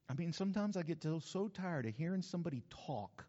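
A man preaching a sermon as pastor, lively and conversational with asides to the congregation. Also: high-pitched, a little fast. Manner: animated preaching with asides and acted-out quotes. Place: church sanctuary. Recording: dull sound with long hall reverb.

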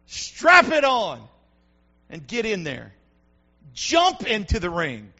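A male pastor preaching a sermon in church, building to shouted peaks. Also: sits high, huge pitch swings, slow, creaky, lo-fi sound.

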